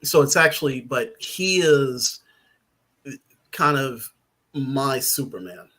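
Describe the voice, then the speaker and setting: A male podcast guest of ordinary pitch talks loosely and at length. He hesitates with frequent ums and breaks into short laughs as he goes. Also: slow, sharp tone. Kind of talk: casual podcast chat.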